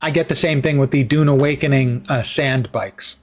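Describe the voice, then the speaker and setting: A man's voice: medium pitch, moderate pace, faint music behind. A sleepy man streaming a game, rambling with wry, sarcastic asides and yawning often. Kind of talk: casual commentary while gaming.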